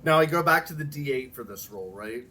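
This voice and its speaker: A man's voice: mid-range voice, lively intonation, a little fast, sharp tone. A man playing a tabletop game, chatting casually and swearing freely. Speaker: player.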